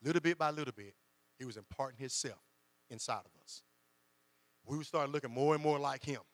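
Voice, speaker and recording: A man's voice: on the high side, a little fast. A man preaching a sermon, acting out quoted voices as he goes. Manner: conversational preaching with dramatized quotes. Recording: long hall reverb with mains hum.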